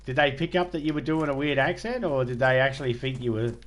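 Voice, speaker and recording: A man's voice: medium pitch, fast. Laid-back Australian man streaming. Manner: rambling, laid-back, self-mocking, swears freely. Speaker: game streamer chatting with viewers. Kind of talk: casual live-stream chat.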